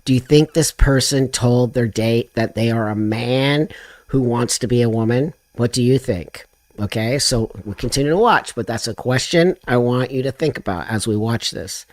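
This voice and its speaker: A man's voice: mid-range voice, normal speed, no echo. A man hosting a live stream, ranting and mocking, swearing freely and breaking into laughter. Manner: profane, mocking, laughs often.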